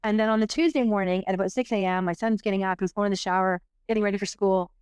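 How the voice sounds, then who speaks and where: A middle-aged woman, a podcast guest, tells a personal story quickly and animatedly, rambling with many restarts, fillers, and "like"s. Her middle-pitched voice is smooth and clear, kept dry and present by a close microphone with no room sound.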